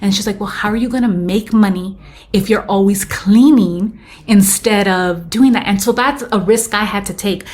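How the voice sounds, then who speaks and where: A woman in her thirties, a podcast guest telling her story candidly and slipping into Spanish phrases. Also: medium pitch. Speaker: podcast guest, business owner. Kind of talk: casual interview storytelling.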